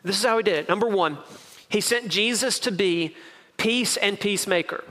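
A man delivers a sermon from the pulpit, stressing his points by saying them again and again. His voice sits high and rings bright and forward. The sound carries a long reverb, like a church sanctuary. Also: moderate pace. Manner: preaching with emphatic repetition. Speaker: pastor. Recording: reverberant hall.

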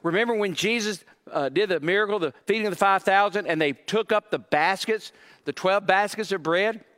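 Higher-voiced male pastor preaching in a hall. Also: a little fast, fairly bright tone. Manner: conversational preaching with repeated emphatic phrases. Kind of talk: sermon.

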